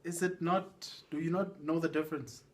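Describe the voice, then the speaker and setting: A man's voice: a little high, fairly even intonation, moderate pace, a crowd in the background. A young man as a guest on a casual vlog chat, earnestly explaining and correcting the others.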